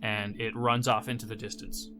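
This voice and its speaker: Give me a male game master with a bright voice, setting scenes slowly and vividly. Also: fairly low pitch, level tone, faint music behind. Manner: vivid, measured scene description. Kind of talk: narrating a tabletop game.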